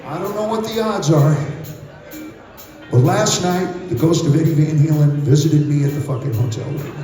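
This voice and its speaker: A man's voice: on the high side, moderate pace. An older man telling profane, theatrical stories between songs on stage at a concert. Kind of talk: onstage storytelling banter. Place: large concert venue. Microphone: handheld stage mic. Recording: echoey live concert audience recording. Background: band music and cheering crowd.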